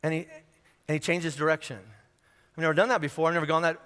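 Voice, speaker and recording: A man preaching in a big echoey church hall. His voice sits high and sounds bright and forceful. He talks loosely and jokes, slipping into quick voices for the people in his stories. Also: fairly even intonation, clear, resonant tone. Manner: conversational and humorous, acting out little scenes. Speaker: pastor. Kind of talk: sermon.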